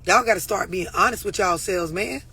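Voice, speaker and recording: Blunt, husky-voiced woman coach. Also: medium pitch, brisk, pushed and bright. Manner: blunt, profane, preachy, addressing viewers directly. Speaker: relationship and mental health coach. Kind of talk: unscripted talk to camera.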